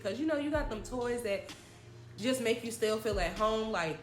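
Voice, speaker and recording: A woman's voice: fairly high pitch, expressive, normal speed, echoey room, soft background music. A young woman telling a story in a dramatic, chatty, slangy way, often addressing viewers directly. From New Jersey. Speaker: storytime vlogger. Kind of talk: animated storytelling.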